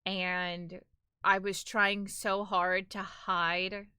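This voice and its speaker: A woman's voice: mid-range voice, little pitch movement, extremely slow, sharp tone, clear, resonant tone, no echo, studio quality. Chatty New York woman streamer. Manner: chatty, rambling with lots of "like". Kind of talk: casual live-stream chat.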